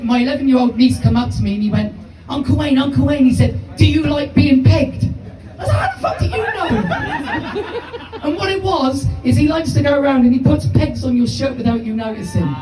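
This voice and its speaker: A man, doing live stand-up with rambling, profane storytelling. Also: very high-pitched. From United Kingdom. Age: 50s. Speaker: stand-up comedian. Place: small comedy venue with audience. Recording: distant, echoey live room.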